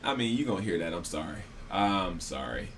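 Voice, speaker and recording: A man's voice: deep voice, sing-song, fairly quick, a bit bright. A man in loose, profane banter, joking around and laughing readily as he talks slang. He shares a single microphone in a friend's room at home, with a light hiss of noise behind him. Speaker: podcast co-host. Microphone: one microphone shared by two.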